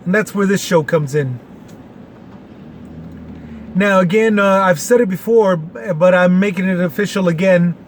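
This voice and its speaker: A man's voice: high-pitched, moderate pace, pauses often, slight background noise. A man in his late forties from Texas, hosting a casual opinion show in a rambling, folksy way with many fillers. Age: 40s. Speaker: podcast host.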